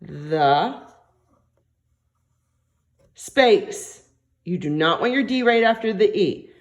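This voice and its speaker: Dictating words and sentences slowly for young learners, this female teacher runs a recorded phonics lesson full of encouragement. Her medium-pitched voice has a lively intonation.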